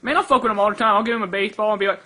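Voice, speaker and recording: A man's voice: sits high, steady tone, very fast, pushed and bright. Crude, rambling young man ranting. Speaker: rant video maker. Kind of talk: casual rant video.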